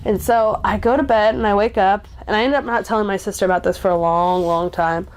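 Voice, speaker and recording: A woman in her twenties shares a personal recovery story in loose, conversational speech. She fills her sentences with "like" and curses bluntly. She speaks at a middle pitch, as if telling a friend what happened. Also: steady tone, brisk. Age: 20s. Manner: chatty, frequent "like", blunt swearing. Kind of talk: casual spoken storytelling.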